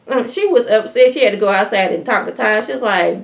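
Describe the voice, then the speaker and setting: A woman's voice: mid-range voice, quick pace, gravelly, hardly any pauses. A woman giving a casual, chatty recap of a reality TV episode, filling her talk with "like" and "um" and acting out what people said. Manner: chatty, acts out other people's lines in quotes; leans on fillers like "like" and "um". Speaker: reality TV reviewer.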